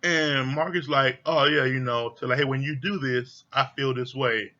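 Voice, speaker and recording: A man's voice: mid-range voice, fairly even intonation, normal speed, pushed and bright, muffled recording. A man giving a casual, candid recap of a reality show, swearing freely and acting out what the cast said. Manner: candid, profane, retells scenes with quoted voices. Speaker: show reviewer.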